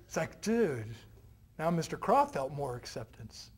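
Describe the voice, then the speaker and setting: A man's voice: a little high, measured pace, slightly rough. A man giving a motivational keynote to university students, telling stories and acting out the characters in them. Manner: animated, acts out characters in his stories. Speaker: motivational speaker. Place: university event hall.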